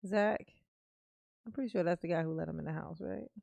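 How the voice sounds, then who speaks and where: A woman's voice: fairly low pitch, creaky, darkish tone, no echo, dull audio. A woman hosting a casual live stream, reading chat aloud, playful and laughing as she muses. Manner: playful, laughing, drawn-out musing. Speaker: livestream host reading chat.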